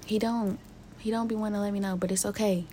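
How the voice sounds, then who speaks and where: A young woman talks straight to her listeners in a raw, profane solo podcast vent. Her voice sits at an ordinary middle pitch for a woman, and her talk is loose and conversational. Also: steady tone, fast talker, dark tone, a little hiss or hum. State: emotionally hurt, near tears. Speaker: podcast host. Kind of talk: casual solo podcast venting.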